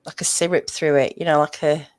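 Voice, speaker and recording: A woman's voice: sits low, level tone, fairly quick, a little mellow, no echo. A woman hosting a casual chat show, talking in a rambling, chatty way. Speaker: podcast host.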